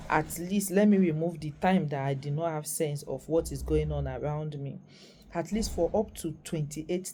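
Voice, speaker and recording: A Nigerian woman in her thirties speaks with a Nigerian accent in a lowish, mellow voice. She talks in a preachy, emphatic way and hammers her points home by repeating them. A faint hum sits behind her. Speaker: vlogger and parent. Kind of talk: impassioned commentary to camera.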